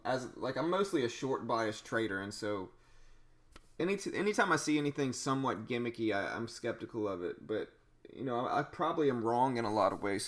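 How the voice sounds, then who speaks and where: A man's voice: mid-range voice, fairly bright tone. A young man hosting a day-trading livestream, chatting casually with viewers, with frequent restarts. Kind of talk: casual live-stream chat.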